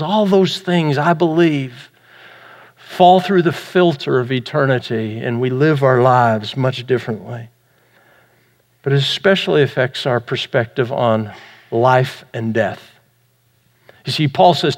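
A high-voiced male pastor gives an earnest Sunday sermon, posing one rhetorical question after another. His words ring through a long reverb, like a church sanctuary.

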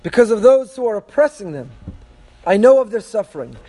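A very high-pitched man leads a text-study lesson, reading passages aloud and translating them line by line. He speaks emphatically and poses rhetorical questions to his listeners. His voice rings with a long hall reverb. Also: expressive, a little fast, dark tone. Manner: reads source texts aloud then translates them. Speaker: Torah teacher.

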